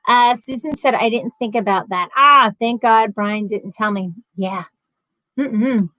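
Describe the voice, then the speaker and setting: Woman, livestream host, higher voice, dry close sound; chatty and sarcastic while reading comments. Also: a little slow, pushed and bright, no room sound, rough recording. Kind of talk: casual chat reading viewer comments.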